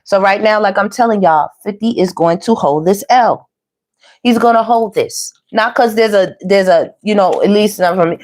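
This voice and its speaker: A woman's voice: medium pitch, moderate pace, darkish tone. A woman giving a casual tarot reading, chatty and slangy, talking to viewers as y'all and baby. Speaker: tarot reader.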